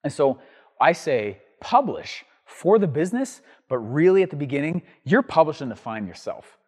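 A man with a slightly high voice talks to the camera in a very animated, swooping way. He tells a long teaching story, rambling energetically and stumbling over restarts and ums. His voice rings with a long reverb in the room. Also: moderate pace. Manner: writes on a board while talking. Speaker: show host teaching entrepreneurs.

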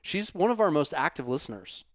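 A man hosting a podcast, swearing freely as he chats. He drops to quiet mutters and then erupts into loud outbursts. The sound is dry and close, with no room around it. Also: on the high side, big pitch swings, a little fast, no echo. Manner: profane, swings from muttered asides to loud outbursts. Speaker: podcast host. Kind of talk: casual podcast chat.

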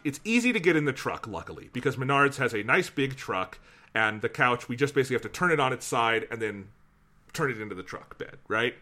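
Bright-voiced man telling a story. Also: medium pitch, a little fast. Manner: animated, swears freely. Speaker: podcast host. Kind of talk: casual storytelling.

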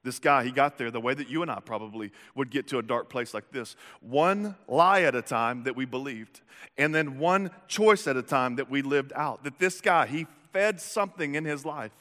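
A man preaching a sermon, animated and jokey. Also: medium pitch, moderate pace. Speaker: pastor. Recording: echoey hall reverb.

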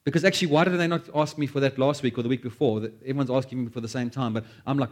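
A man preaching a sermon, animated, acting out quoted prayers and joking at his own expense. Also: mid-range voice, rapid-fire. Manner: animated, acts out quoted prayers, self-deprecating asides. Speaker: pastor.

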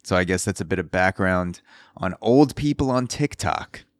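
Construction drilling outside his city apartment accompanies this solo podcaster as he riffs casually and profanely on news stories. His low voice has lively intonation and a moderate pace, captured in a dry, clean studio-sounding recording.

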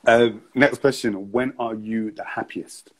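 Relaxed low-voiced male interviewer. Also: measured pace, low-quality recording. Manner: relaxed, encouraging questioner. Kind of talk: casual interview questions.

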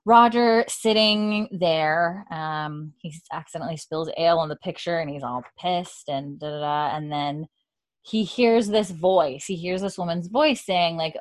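Recapping a TV episode on her podcast at a moderate pace, this young woman keeps things chatty and casual. She lifts her pitch when voicing characters' lines, and a dog is audible at times.

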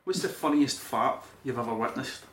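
A man's voice: mid-range voice, moderate pace. Scottish man telling a story, echoey. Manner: animated storyteller, acts out dialogue. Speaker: podcast co-host. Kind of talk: casual chat. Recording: echoey room.

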